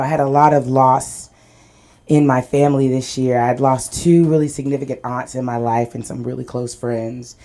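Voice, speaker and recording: A woman's voice: low-pitched, a little mellow. A woman doing a stand-up set at an open mic, telling stories and laughing at her own jokes, on a small club stage. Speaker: stand-up comedian.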